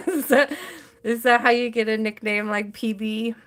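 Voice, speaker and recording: A woman's voice: on the high side, a little slow. A woman hosting a live tarot stream, chatting casually and telling stories with frequent laughter. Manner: chatty storyteller, laughs often.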